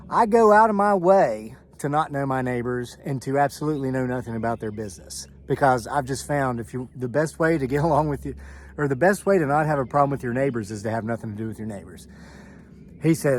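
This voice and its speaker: A man's voice: mid-range voice, quick pace, a little hiss or hum. A man vlogging outdoors on his homestead, telling a rambling joking story with asides while filming on a camera mic. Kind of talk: casual storytelling vlog.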